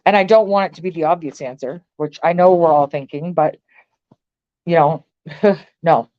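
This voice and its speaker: A woman's voice: sits low, moderate pace, mellow, lo-fi sound. A woman from Canada, ranting to her viewers in a blunt, profane, filler-heavy way. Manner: blunt and profane, frequent swearing and filler words. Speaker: vlogger. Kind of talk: angry political rant to camera.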